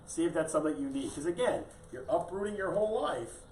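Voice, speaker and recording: A man's voice: fairly high pitch, animated, fast talker, darkish tone, slight background noise. Real estate guy chatting on a live show, joking around, echoey room, kinda far off the mic. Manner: chatty, jokey, lots of "yeah" and "right". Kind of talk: casual live-stream chat.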